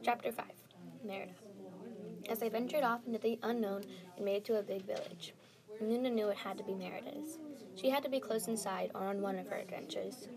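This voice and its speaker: Woman reading a story, slightly halting. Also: medium pitch, gravelly, crowd noise. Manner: plain, slightly halting reading with small restarts. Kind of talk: reading her own fan story aloud.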